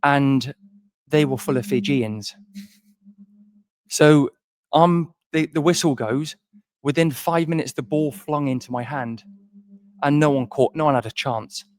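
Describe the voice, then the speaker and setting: A man's voice: mid-range voice, unhurried, long pauses, a little mellow, no echo, studio quality. A man co-hosting a podcast, telling a long self-deprecating story in a rambling way with many restarts. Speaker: podcast co-host. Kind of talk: casual storytelling chat.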